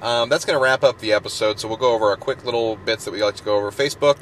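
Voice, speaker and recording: Bright-voiced joking male podcast host. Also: medium pitch, rapid-fire, a little hiss or hum. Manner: joking, swears freely, animated. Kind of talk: casual podcast chat.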